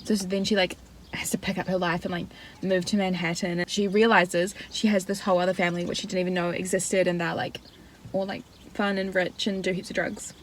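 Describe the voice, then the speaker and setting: A woman's voice: fairly low pitch, little pitch movement, a little fast, a little hiss or hum. A young woman in her twenties with a New Zealand accent, chatting casually about books and filling her talk with "like". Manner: chatty, lots of "like" fillers. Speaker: book vlogger. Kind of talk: casual chat.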